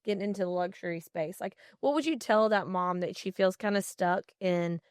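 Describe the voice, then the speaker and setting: A woman's voice: fairly low pitch, normal speed, clean tone, no room sound, studio quality. A woman co-hosting a podcast who chats casually, reacts with encouragement, and asks the guest questions. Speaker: podcast co-host. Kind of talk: casual chat.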